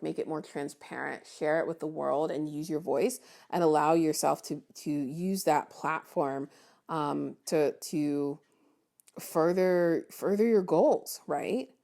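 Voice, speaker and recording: Woman, tarot reader, low gravelly voice, chatty and encouraging, loose casual delivery. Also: takes it slowly, dark tone. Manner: chatty, encouraging, many ums and restarts.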